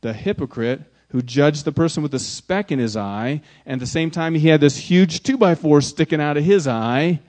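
Emphatic preaching man, slightly high voice. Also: normal speed, few pauses. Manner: emphatic preaching, swings from loud to hushed; repeats words for emphasis. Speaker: pastor. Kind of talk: sermon.

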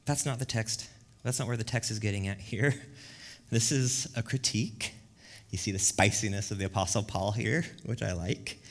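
Brief: male pastor, energetic sermon, slangy delivery, big swings between hushed and loud. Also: fairly low pitch, moderate pace. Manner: lively, jumps from quiet reflection to loud emphatic bursts; casual slangy preaching.

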